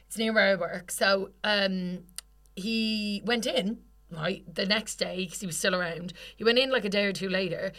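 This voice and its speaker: Bright-voiced woman telling a story. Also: medium pitch, moderate pace. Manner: animated, swears freely, acts out quoted people. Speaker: podcast co-host. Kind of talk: casual storytelling chat.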